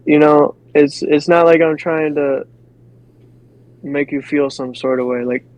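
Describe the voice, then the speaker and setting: A laid-back man with a monotone way of talking, co-hosting a podcast in casual chat. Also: on the high side, a little slow, no room sound. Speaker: podcast co-host. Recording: dull lo-fi dry mic.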